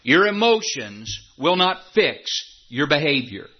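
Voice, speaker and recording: A man's voice: on the high side, big pitch swings, a little slow, slightly rough, lo-fi sound. A middle-aged man preaching a sermon, emphatic, repeating phrases and stretching key words for effect. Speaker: pastor.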